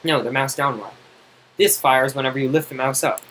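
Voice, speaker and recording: A man tutoring someone in code, impatient and teasing, explaining in quick exasperated bursts. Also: mid-range voice, steady tone, a bit bright, slight background noise, poor audio. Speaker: coding tutor. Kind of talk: casual screen-side coding help.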